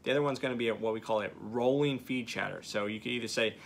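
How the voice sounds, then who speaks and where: In a hands-on lesson, a duck calling instructor walks beginners through each step, often checking in with "okay." He talks fast in a gravelly, medium-pitched voice over a little hiss or hum.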